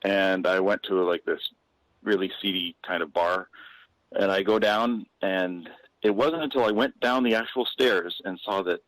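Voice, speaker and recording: A man's voice: low-pitched, normal speed, a bit bright, no room sound, low-quality recording. A man, a comedian guest on a podcast, telling a casual anecdote with frequent restarts and fillers.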